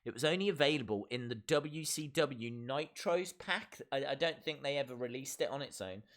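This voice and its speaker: A man's voice: medium pitch, moderate pace, fairly bright tone. A man hosting a wrestling live stream, chatting playfully and reading out viewer comments.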